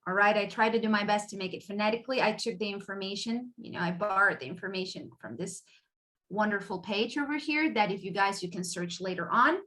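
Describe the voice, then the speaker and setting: A woman's voice: mid-range voice, pushed and bright. A woman from Spain teaching an online English listening class, chatty and constantly checking in with her students.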